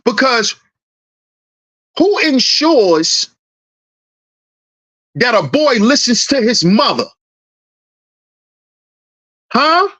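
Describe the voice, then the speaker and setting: A man's voice: extremely high pitch, big pitch swings, extremely slow, pauses often, pushed and bright. A man hosting a commentary channel, delivering a heated, preachy monologue and acting out confrontations in a dad's voice. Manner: preachy, confrontational, acts out scenes.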